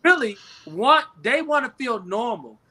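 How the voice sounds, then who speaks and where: Comedian dude preaching on a podcast, real high bright voice. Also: male voice, sing-song. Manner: preachy, drawn-out emphasis, profane. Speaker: comedian co-host. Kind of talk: casual chat.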